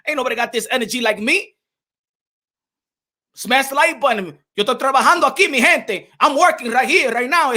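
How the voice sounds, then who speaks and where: A man hosting a boxing vlog with a high, bright, ringing voice. He delivers loud, energetic commentary, shouts out viewers and drops in Spanish phrases. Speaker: boxing channel host.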